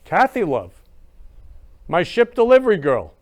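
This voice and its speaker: A man's voice: high-pitched, huge pitch swings, unhurried. A man hosting a talk show, gushing and repetitive, talking in a casual monologue. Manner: effusive and repetitive, gushing about love. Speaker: show host.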